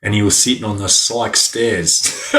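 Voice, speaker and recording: A man's voice: lowish voice, huge pitch swings, slow pace, pushed and bright. A man, telling stories as a podcast guest in a rambling, slang-filled way that is broken up by frequent laughs. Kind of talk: casual storytelling.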